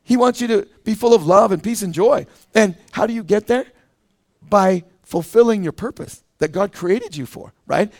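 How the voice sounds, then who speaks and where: A middle-aged man preaching a sermon as pastor, in an animated, conversational way, often acting out quoted voices. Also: high voice. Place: church.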